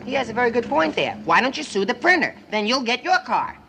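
An actor playing a naive, eager young man with a high, goofy, childlike voice in a 1950s film comedy. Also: very animated, quick pace, vocal fry, sharp tone, slight background noise, exaggerated voice. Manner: gushing and wide-eyed. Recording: old film soundtrack with music.

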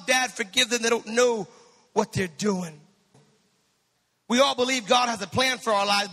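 A male pastor preaching a sermon, swinging from soft storytelling to shouted fervor. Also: very high-pitched, moderate pace, pauses often, big-room sound.

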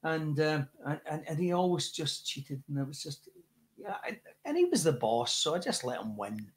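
At a moderate pace, a rock singer from Scotland shares animated anecdotes as an interview guest in a casual setting. His voice is high and bright, and he keeps restarting sentences and doubling up on words.

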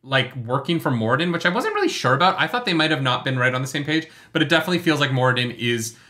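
A podcast co-host in casual book-club chat, excitable, teasing and swearing freely. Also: medium pitch, fast.

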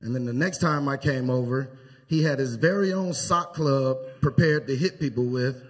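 Husky guy giving a eulogy at a church, telling stories with lots of pauses. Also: mid-range voice. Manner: anecdotal storytelling with pauses. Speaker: eulogy speaker. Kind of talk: funeral eulogy. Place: church sanctuary.

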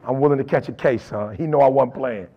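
Gravelly man, emphatic motivational storyteller. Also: medium pitch, fast, lo-fi sound. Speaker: motivational speaker.

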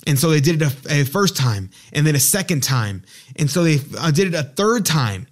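A man's voice: on the high side, animated, normal speed. A man hosting a podcast who retells a scripture story in a casual, rambling way, with frequent fillers and restarts. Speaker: podcast host.

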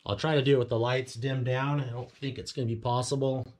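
A man's voice: mid-range voice, level tone, fast. A man giving a casual walkthrough of a home theater build, explaining things plainly with fillers and self-corrections. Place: home theater room, indoors.

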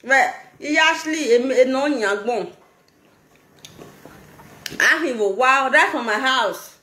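A Nigerian woman talking on a casual live video, animated and laughing, mixing in pidgin. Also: high voice, takes it slowly, roomy sound. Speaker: social media vlogger.

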